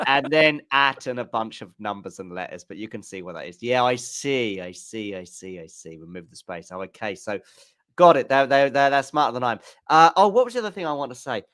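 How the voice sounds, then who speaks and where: A man co-hosting a live tennis stream, chatting in a loose, rambling way with self-mocking jokes. His voice sits at an everyday middle pitch. The sound is dry and close, with no room around it. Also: animated, brisk, fairly bright tone, no room sound. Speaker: co-host of a live tennis watchalong. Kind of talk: casual live-stream chat.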